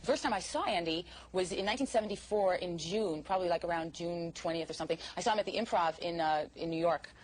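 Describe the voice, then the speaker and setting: A woman's voice: on the low side, fast talker, hardly any pauses, rough recording. A woman in a documentary interview, reminiscing with amusement and laughter. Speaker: interviewee recalling a comedian.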